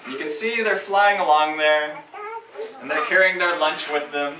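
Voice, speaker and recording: An author reading his picture book aloud to preschoolers at a school, animated and asking the children questions. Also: fairly high pitch, normal speed. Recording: echoey room, from far off, loud noise.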